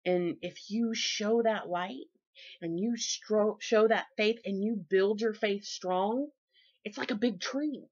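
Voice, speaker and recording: A woman's voice: takes it slowly, slightly rough. Folksy, preachy woman vlogging on faith. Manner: lively, folksy and preachy, with big swings in pitch and loudness. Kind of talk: casual faith vlog, sermon-like. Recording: dull lo-fi recording.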